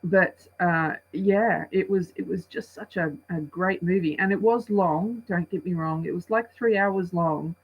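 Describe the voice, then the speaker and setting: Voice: mid-range voice, a little slow, few pauses, husky. Casual movie review, talks in circles, restarts a lot, kinda muffled lo-fi audio. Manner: rambling, chatty, with many restarts and acted-out asides.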